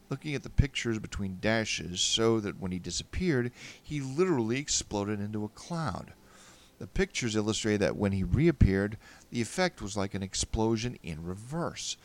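A man narrating a first-person story in a wry, animated way. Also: deep voice.

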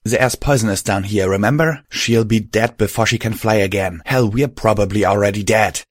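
A man's voice: fairly low pitch, moderate pace, dry recording, clean studio sound, lightly acted. A man voicing a suspicious, agitated young male pegasus who hisses and accuses. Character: anxious, hostile young male pegasus buck.

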